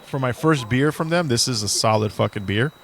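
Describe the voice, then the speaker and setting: A man's voice: medium pitch, fairly quick, a bit bright. A man co-hosting a podcast in casual chat, rambling and joking, swearing freely as he talks. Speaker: podcast co-host. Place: indoors, dim room.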